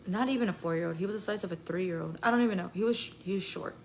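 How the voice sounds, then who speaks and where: A woman's voice: on the low side, racing, creaky, a little hiss or hum, low-quality recording. A young woman telling a rambling story to her live viewers, full of "like" and swearing. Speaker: live streamer.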